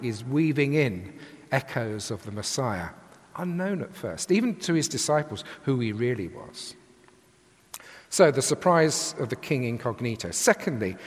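An older man from England preaching a sermon from the pulpit with a lively, emphatic cadence. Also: medium pitch. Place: large church with long reverb. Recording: echoey church hall.

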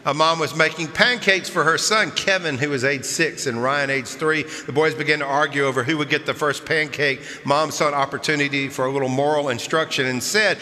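Male pastor, bright clear voice, storytelling sermon, long church reverb. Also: on the high side, fairly quick, hardly any pauses. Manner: warm storytelling with chuckles, then earnest preaching. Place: large church sanctuary.

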